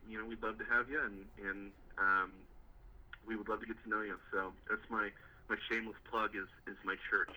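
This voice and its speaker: A man's voice: lowish voice, muffled recording. A young man, a youth pastor, telling a story in a casual interview, rambling with repeated words and many fillers. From Indiana, US.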